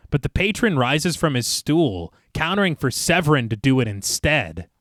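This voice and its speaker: A man's voice: on the high side, no echo, clean studio sound. A man co-hosting a podcast, narrating a film scene by scene and quoting its lines with gusto between casual asides. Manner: animated storyteller, quotes lines with gusto. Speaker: podcast co-host recapping a film.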